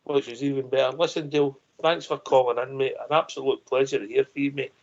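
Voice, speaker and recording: A man's voice: mid-range voice, flat delivery, quick pace, vocal fry. A man hosting a radio phone-in, chatty and friendly, thanking callers. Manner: friendly, matey sign-offs. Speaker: radio show host. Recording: dull lo-fi audio.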